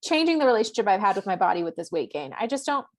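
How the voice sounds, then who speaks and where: Woman, podcast co-host, casual astrology chat, rambling and filler-heavy, mid-range pitch. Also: sing-song, racing. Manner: chatty, rambling, full of "like".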